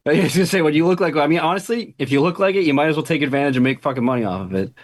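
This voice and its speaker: A man co-hosting a casual movie review podcast, talking in quick, agreeable asides. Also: fairly high pitch, no room sound. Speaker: podcast co-host.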